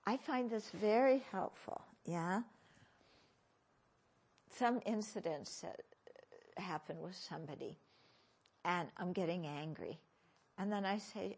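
A woman teaching as a Buddhist teacher in a dharma talk, questioning her listeners with gentle humor. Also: medium pitch, very animated, takes it slowly, long pauses, husky.

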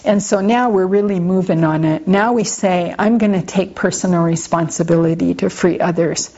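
A woman teaching Buddhist practice in an informal dharma talk. She talks in a conversational, gently humorous way and often turns to her listeners with asides. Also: lowish voice, normal speed. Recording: slightly muffled lo-fi recording.

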